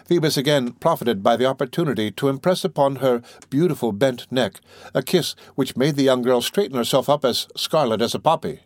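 A man reading a classic novel aloud in a measured, expressive way. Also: mid-range voice, dry recording. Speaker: audiobook narrator.

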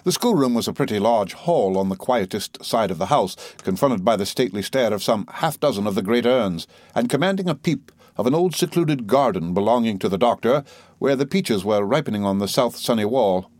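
A man narrating a novel in a measured, steady reading. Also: fairly low pitch, no room sound. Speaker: audiobook narrator. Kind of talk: scripted narration.

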